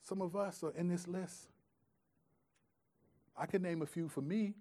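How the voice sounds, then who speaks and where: A male pastor delivers a sermon in a talky, relaxed way, his voice sitting somewhat high for a man. He leans hard into key phrases, then drops almost to a murmur for quieter points. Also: measured pace. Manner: conversational preaching, swings from loud emphasis to hushed asides.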